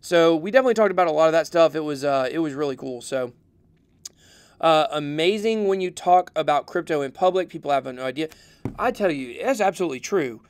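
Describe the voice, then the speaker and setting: A man's voice: fairly high pitch, expressive, a little fast, clean tone, no room sound. A man hosting a casual livestream, reading viewer comments aloud and answering them in a loose, rambling way with lots of fillers and the odd chuckle. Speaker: crypto livestream host.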